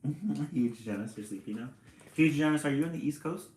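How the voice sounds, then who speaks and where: A man's voice: fairly high pitch, expressive, fairly quick, darkish tone. Chatty guy reading a kids' book on stream, laughs a lot, echoey room. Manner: chatty, laughs often, greets viewers. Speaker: storyteller and livestream host. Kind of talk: reading a picture book aloud on a livestream. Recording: roomy echo.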